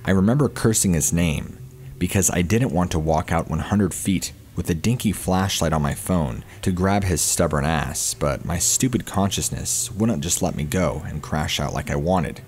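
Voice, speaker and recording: A man narrating a first-person horror story in a steady storytelling manner. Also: sits low, normal speed, a little hiss or hum.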